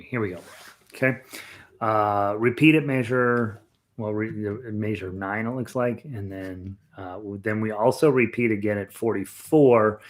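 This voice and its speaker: A man leading a casual live ukulele lesson, talking in a rambling, chatty way full of fillers and restarts. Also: fairly low pitch. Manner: sings rhythms with "bum" syllables. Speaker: ukulele teacher.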